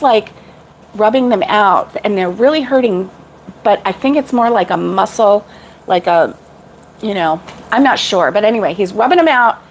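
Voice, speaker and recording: A woman's voice: medium pitch, a little hiss or hum, rough recording. A middle-aged woman chatting casually with live viewers about crochet, rambling and laughing often. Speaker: crochet vlogger.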